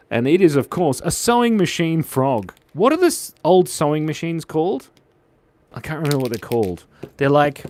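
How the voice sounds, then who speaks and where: A man's voice: mid-range voice, no echo. An Australian man hosting a live drawing stream, chatting playfully and reacting to viewer chat as he draws. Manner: playful, animated, reads viewer chat aloud.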